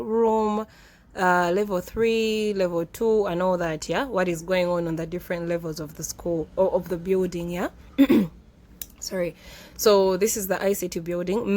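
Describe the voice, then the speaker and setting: Woman from uganda filming a campus walk on her phone, outdoors, chatty, keeps saying yeah? and eh?. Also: mid-range voice. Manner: chatty, tags lines with "yeah?" and "eh?". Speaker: vlogger giving a campus tour. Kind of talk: casual walking tour vlog.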